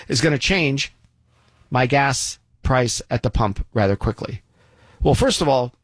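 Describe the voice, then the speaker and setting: A man's voice: mid-range voice, no echo. Folksy, sarcastic male commentator. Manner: folksy, sarcastic, with lots of asides. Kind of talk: opinion commentary monologue.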